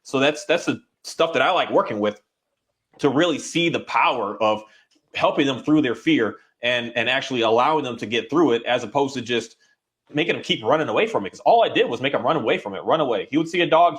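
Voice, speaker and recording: A man who works as a dog trainer, talking in a casual, rambling and halting way, now and then voicing his dog's thoughts. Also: a little high, a bit bright. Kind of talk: casual conversation.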